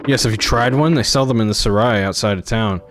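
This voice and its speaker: A man's voice: fairly low pitch, fast talker, slight background noise, lightly acted. A man reading aloud the lines of an eager male town guard, gushing and enthusiastic.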